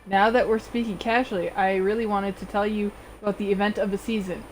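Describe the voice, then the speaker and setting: A woman's voice: medium pitch, steady tone, a little fast, darkish tone, faint music behind, lightly acted, rough recording. A woman voicing a spoiled, condescending mermaid princess with a haughty, regal manner.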